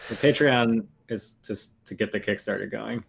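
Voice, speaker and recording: A man with a gravelly, creaky voice that sits fairly low banters as a podcast co-host. He is playful and jokey, laughing easily between lines. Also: normal speed. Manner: playful, joking, laughs often. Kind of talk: casual chat.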